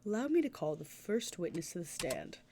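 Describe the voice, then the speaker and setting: A woman's voice: on the low side, big pitch swings, moderate pace, dark tone, a little hiss or hum. A woman voicing a cold, haughty male British prosecutor in a game, lofty and formal in her delivery.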